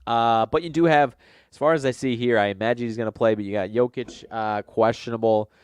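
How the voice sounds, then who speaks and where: A sports betting podcast host with a medium-pitched, clean-toned voice speaks fairly quickly in a dry recording. He's slightly nasal from a cold and chats casually in a rambling way, full of fillers and self-corrections.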